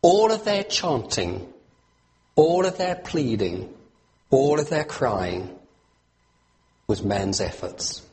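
A male preacher in full sermon, telling the story with lively asides to the congregation. His voice sits at an ordinary middle pitch. His delivery swings between quick runs and slow, weighty stresses. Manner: animated storytelling with asides, pace shifts and rising emphasis.

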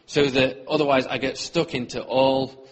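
A man giving an earnest sermon testimony in church, often trailing off softly at the ends of his sentences. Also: medium pitch, little pitch movement, moderate pace. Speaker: church speaker.

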